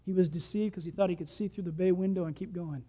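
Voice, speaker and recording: A preacher giving a sermon, telling stories with animation and swinging from loud to hushed. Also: medium pitch, fast.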